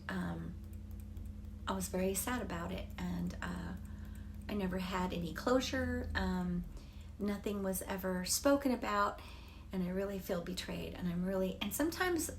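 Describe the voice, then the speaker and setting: A woman's voice: mid-range voice, a little hiss or hum. Woman guiding tapping, often sinking to whispers. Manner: casual, candid, swears freely, drops into soft whispered affirmations. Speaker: EFT tapping instructor. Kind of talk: guided tapping instruction.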